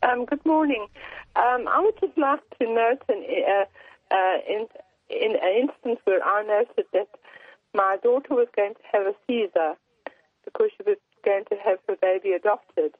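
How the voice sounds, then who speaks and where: A woman calling in to a radio show, telling a personal story hesitantly with many pauses. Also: mid-range voice, dry recording. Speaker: caller. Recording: tinny phone line.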